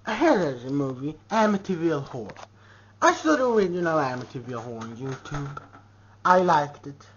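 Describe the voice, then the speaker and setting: A man ranting to camera in a comedic, heavily profane vlog, swinging from shouts to mutters. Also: high-pitched, slight background noise. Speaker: vlogger. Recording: dull lo-fi home recording.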